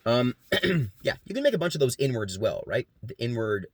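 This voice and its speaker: A man's voice: medium pitch, sing-song, husky, dry recording. A man giving a casual class presentation, explaining vocal sounds and demonstrating them as he goes. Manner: casual, quick, demonstrates sounds between sentences. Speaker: student presenter. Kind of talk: class presentation with beatboxing demos.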